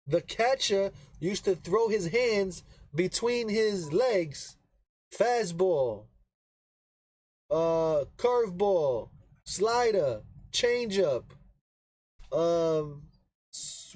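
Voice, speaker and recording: High-voiced man chatting about baseball. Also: a little mellow, dry recording, rough recording. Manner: rambling, explains with frequent "right?" tag questions; repeats himself for emphasis. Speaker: baseball podcast host. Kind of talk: casual sports talk.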